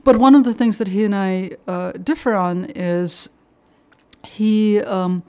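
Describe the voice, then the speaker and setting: Middle-aged Russian-native woman, halting. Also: medium pitch, mellow, clear, resonant tone. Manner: hesitant, many fillers and restarts. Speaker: Russian translator, guest. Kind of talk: podcast conversation.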